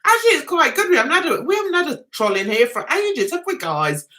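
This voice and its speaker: A woman's voice: high-pitched, big pitch swings, fast, bright, forceful tone. A woman with a London accent touched by Essex, hosting a casual live chat and talking to viewers in a chatty, sarcastic, teasing way. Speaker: livestream host.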